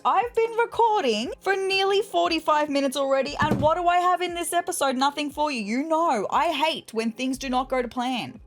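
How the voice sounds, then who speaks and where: Chatty woman narrating her game. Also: on the high side. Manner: chatty, addresses viewers directly, emotional, near tears at times. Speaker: video game commentator. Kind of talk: casual gameplay commentary.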